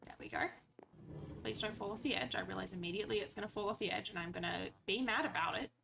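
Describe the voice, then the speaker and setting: A woman's voice: mid-range voice, quick pace, vocal fry, noisy background. A woman streamer chatting playfully through her gameplay, talking to the characters on screen and swearing casually.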